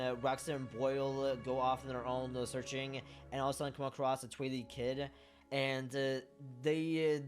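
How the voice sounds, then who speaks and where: Man rambling in an excited fan vlog, fillers and swearing, soft music behind. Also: mid-range voice. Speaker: fan sharing memories. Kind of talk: casual monologue vlog.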